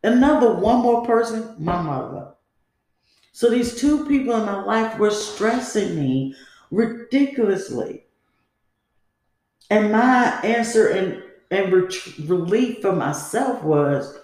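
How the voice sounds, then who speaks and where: A woman's voice: medium pitch, animated, slow, pauses often, darkish tone. A woman hosting a podcast, telling a personal story in a candid, rambling, conversational way. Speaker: podcast host. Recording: very echoey room.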